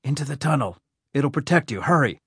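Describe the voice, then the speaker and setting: A man's voice: mid-range voice, lively intonation, a little fast, a bit bright, slightly rough, no echo, studio quality, full character voice. A man voicing a commanding, impatient middle-aged male detective who barks demands and swears. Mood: urgent. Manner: barking, demanding, profane.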